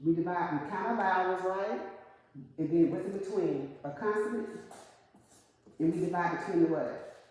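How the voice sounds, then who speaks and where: A woman's voice: lowish voice, normal speed, long pauses, darkish tone. A woman teacher walking a student through syllable division, patiently asking questions to prompt answers. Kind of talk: classroom instruction. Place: classroom. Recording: echoey classroom with long reverb.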